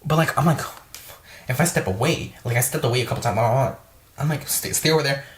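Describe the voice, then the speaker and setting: A woman's voice: extremely low pitch, brisk, a little hiss or hum. A young woman store worker ranting in a casual vlog, swearing often and exasperated, full of fillers.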